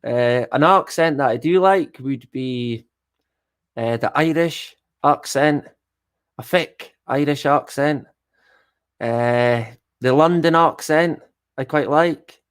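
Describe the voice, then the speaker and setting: A man's voice: medium pitch, slow pace, clean tone. A middle-aged Scottish man chatting casually on a live stream, swearing freely and joking at his own expense. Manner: swears a lot, chatty and self-deprecating.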